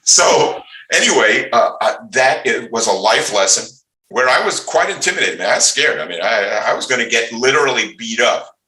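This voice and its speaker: An older man, a bass player, talking as an interview guest. He is outspoken and rambling, with many restarts as he tells stories. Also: animated, moderate pace, bright, forceful tone, roomy sound, poor audio. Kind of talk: casual interview storytelling.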